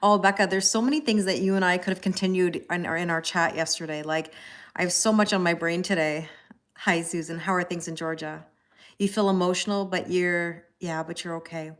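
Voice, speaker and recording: A woman's voice: lowish voice, fairly even intonation, a little fast. A woman in her forties, a tarot reader hosting a livestream, chatting casually with viewers and telling rambling stories full of fillers. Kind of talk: casual chat greeting live viewers.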